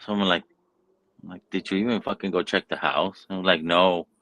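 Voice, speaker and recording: A man with a very deep voice talks in a casual, rambling way, dropping profanity constantly as he tells a story. He sounds like a relaxed, unscripted podcast host. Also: a little fast, poor audio. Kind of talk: casual chat.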